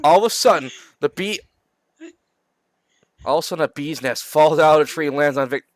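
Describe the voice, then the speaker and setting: A man's voice: fairly high pitch, brisk, no room sound. A young man reading a comedy book aloud and breaking in with incredulous, heavily sworn commentary. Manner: incredulous, swearing constantly. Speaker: reader reacting to a comedy book.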